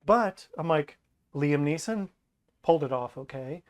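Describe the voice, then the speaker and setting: Brief: male podcast guest, higher-pitched, animated casual chat, mocking impressions. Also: measured pace. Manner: animated, acts out quoted lines in mocking voices.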